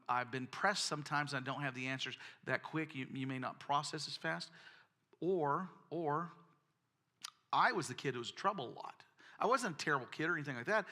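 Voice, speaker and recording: Folksy, bright-voiced preacher man. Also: medium pitch. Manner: folksy storytelling, repeats words, animated. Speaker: pastor. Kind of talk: sermon with personal stories.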